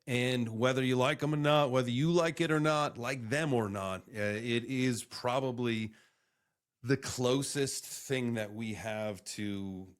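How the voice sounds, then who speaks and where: A man's voice: mid-range voice, a little slow, clean tone. Rambling, profane male streamer. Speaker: crypto streamer reacting to clips. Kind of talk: casual live reaction stream.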